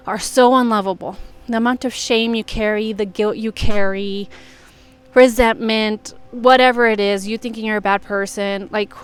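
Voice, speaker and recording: Earnest young woman vlogging, smooth voice. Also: a little high. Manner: earnest, many "like" fillers. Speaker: self-help vlogger. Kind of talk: casual reflective monologue.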